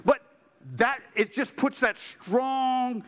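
High, lively preacher in a reverberant church. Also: male voice, slow pace. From Southern United States. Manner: animated, emphatic preaching with joking asides. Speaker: pastor. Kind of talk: sermon. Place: church sanctuary.

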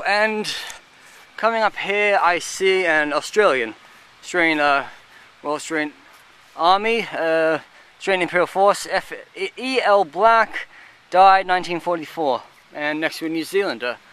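A man giving casual, halting commentary as he walks through an outdoor cemetery, listing what he sees with many fillers. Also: sits high, bright, forceful tone, smooth. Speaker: vlogger touring a cemetery.

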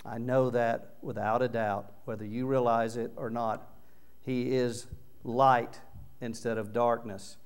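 Emphatic male preacher with a smooth voice. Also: mid-range voice, little pitch movement, unhurried. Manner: earnest, emphatic preaching with loud swells on key words. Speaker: pastor. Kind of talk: sermon. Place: church sanctuary.

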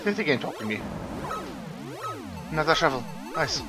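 A man's voice: a little high, sing-song, moderate pace, music in the background. A man playing through a retro game, who yelps, swears and talks back at the screen, then gives a rambling wrap-up full of restarts. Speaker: gaming channel host. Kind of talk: let's play commentary.

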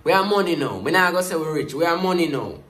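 With a voice on the high side and a fast delivery, a Jamaican man gives casual patois commentary on a music video in a roomy-sounding setting. He's animated throughout and returns again and again to his catchphrase refrains.

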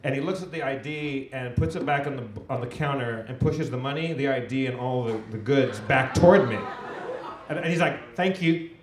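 A man telling a loose, animated story to an audience at a live podcast taping. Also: mid-range voice, brisk. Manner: animated, loose rambling anecdote. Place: theater stage before an audience. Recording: echoey live venue, faint noise.

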